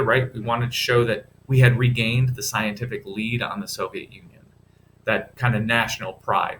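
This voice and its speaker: A male teacher delivering a recorded history lecture. His voice is bright and forceful, at an ordinary pitch, and his delivery is casual and chatty, dotted with asides. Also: slight background noise.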